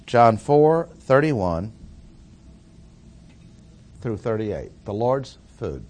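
A man's voice: fairly low pitch, sing-song, drawn-out words, a little mellow. A man teaching through a Bible passage verse by verse, stressing key words with plain-spoken asides. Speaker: preacher.

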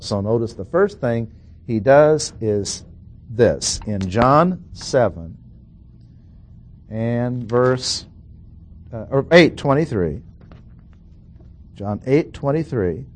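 A middle-aged man teaching through scripture at an unhurried, measured pace, with a mid-range voice. He works through the text point by point and repeats key phrases so they land. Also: mid-range voice, animated. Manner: slow, deliberate, repeats key phrases for emphasis. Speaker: Bible teacher. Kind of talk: expository Bible lesson.

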